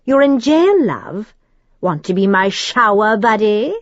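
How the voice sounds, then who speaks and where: A woman voicing an elegant, refined male demon who speaks with a clear, precise accent and a mocking purr. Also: medium pitch, lively intonation, slow, no echo, muffled recording, voice pushed up. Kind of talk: audiobook character voice.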